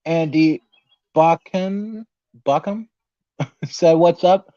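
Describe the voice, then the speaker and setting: A man's voice: on the high side, extremely slow, dark tone, dry recording. A young man hosting a casual podcast livestream, nervous and laughing as he reads out viewer comments. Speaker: podcast host. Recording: dull, lo-fi dry sound.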